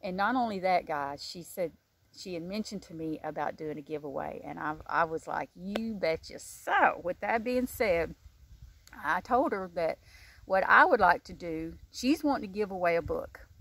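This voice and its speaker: Woman, low-pitched, rambling casual chat, crochet vlog host, outdoors. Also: animated, moderate pace. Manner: chatty, rambling, warm-hearted with many fillers. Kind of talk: casual book review chat.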